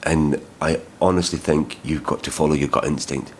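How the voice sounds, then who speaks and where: A man's voice: rumbling low, normal speed, slight background noise. A man vlogging about his travels, talking in a rambling, heated way with plenty of swearing and restarts. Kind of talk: vlog storytelling.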